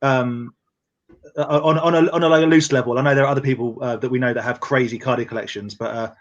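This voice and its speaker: A man's voice: medium pitch, steady tone, lo-fi sound. A man co-hosting a toy collectors' live show over a video call, teasing and joking in casual banter. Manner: quick, jokey, teasing.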